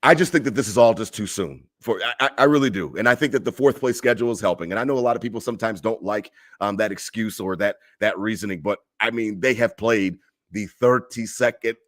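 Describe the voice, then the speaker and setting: Fast-talking, low-voiced man, blunt sports fan. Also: no echo, studio quality. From Buffalo area fan living in Charlotte. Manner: blunt, opinionated, repeats himself when fired up. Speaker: podcast co-host. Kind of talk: casual sports talk.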